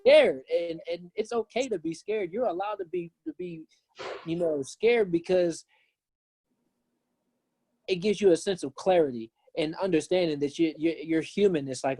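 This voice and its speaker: A man, a pastor guest, telling a personal story in earnest, lively casual conversation. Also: on the high side, normal speed, no echo. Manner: earnest, animated when retelling.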